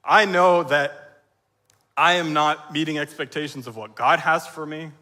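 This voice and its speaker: A man in his thirties with a fairly high, sharp voice gives an emotional sermon testimony from a church stage into a stage microphone. He cries as he speaks, pausing haltingly and clearing his throat often.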